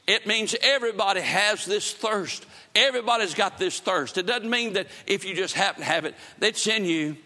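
Fervent preacher, high and bright. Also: male voice, moderate pace, in a large hall. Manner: fervent, emphatic, with sudden loud cries and repeated phrases. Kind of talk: revival sermon. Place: church building before a congregation.

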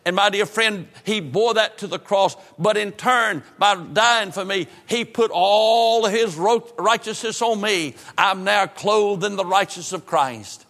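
Fervent preacher with a high, bright voice. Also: male voice, unhurried, hardly any pauses. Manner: fervent preaching with repetitions, drops to a hush at solemn lines. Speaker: pastor. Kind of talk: sermon. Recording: preaching in a reverberant church hall.

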